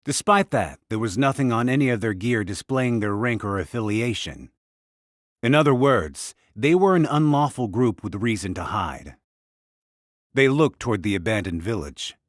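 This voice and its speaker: A man narrating an audiobook in a scripted, expressive delivery. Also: fairly low pitch, moderate pace, no echo, studio quality.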